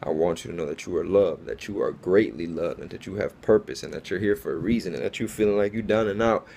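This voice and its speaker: A man's voice: sits low, fast, creaky, darkish tone, a little hiss or hum. A man telling a personal faith story in an earnest, casual way, full of fillers like "like" and "bro". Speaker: faith testimony speaker.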